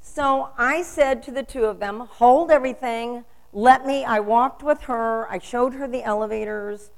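A woman's voice: fairly high pitch, a little slow, creaky, poor audio. An older woman delivering a storytelling sermon, asking rhetorical questions with emphasis.

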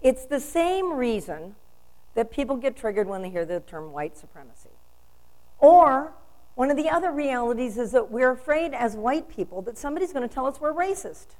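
A woman's voice: fairly high pitch, sing-song, a little fast, darkish tone, low-quality recording. An older woman delivering a storytelling sermon, asking rhetorical questions with emphasis.

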